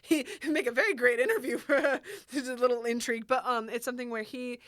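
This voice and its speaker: A woman co-hosting a podcast, chatting about a favorite film in an animated, rambling way with quick bursts. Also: fairly high pitch, no echo, clean studio sound. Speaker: podcast co-host. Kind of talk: casual chat about a film.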